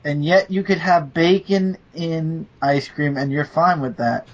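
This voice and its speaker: A man's voice: on the high side, steady tone, a little slow, dull audio. A man from New York co-hosting a casual podcast, teasing his co-host with playful banter. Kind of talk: casual chat.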